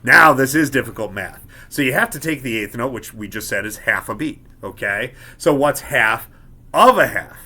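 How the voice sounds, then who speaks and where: A man with a bright, clear voice gives a beginner music lesson. He explains each step patiently and keeps checking that his students are following. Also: mid-range voice, animated, moderate pace. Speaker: music teacher.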